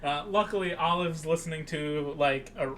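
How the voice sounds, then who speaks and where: A young man co-hosting a podcast, recapping a film in casual chat and acting out the characters' lines in an animated way. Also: a little high, moderate pace, a little hiss or hum. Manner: animated, acts out quoted lines with raised voice. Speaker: podcast co-host.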